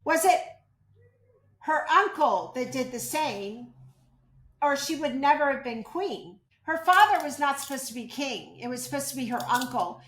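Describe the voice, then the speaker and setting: A woman's voice: high-pitched, expressive, moderate pace, a bit bright, echoey room. A woman running a casual tarot channeling session, asking spirits questions and reporting their answers. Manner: chatty, asks questions then reports answers.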